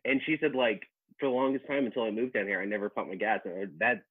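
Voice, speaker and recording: Hesitant low-voiced man on a tinny line. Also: fast talker, slightly rough, dry recording. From New Orleans, USA. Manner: hesitant, many fillers, laid-back. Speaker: guest, professional cook. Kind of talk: casual podcast chat.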